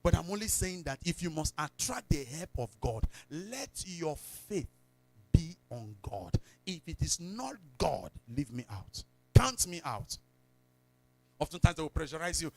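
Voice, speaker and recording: A man with a Nigerian accent preaching a sermon in church, telling stories, slipping into pidgin and breaking into sudden shouts. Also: a little high, big pitch swings, moderate pace, vocal fry, no echo. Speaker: pastor.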